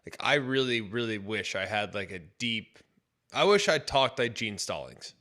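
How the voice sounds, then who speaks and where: A man's voice: fairly low pitch, big pitch swings, moderate pace, pushed and bright. A man co-hosting a sports radio morning show, talking eagerly with lots of fillers. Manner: enthusiastic, filler-heavy. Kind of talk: casual morning radio chat. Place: radio studio.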